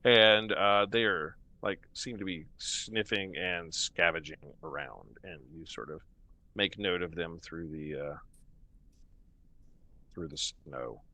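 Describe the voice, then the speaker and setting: A man narrating as game master of a tabletop game, slow and hesitant with many fillers. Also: deep voice, pushed and bright.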